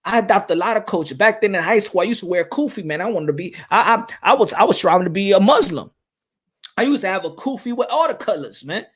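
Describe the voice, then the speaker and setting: A man's voice: sits high, animated, quick pace, slightly rough. A man from New York with a New York accent, talking in a loose, rambling way, full of restarts and "you know what I'm saying". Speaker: boxing channel host. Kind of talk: casual chat.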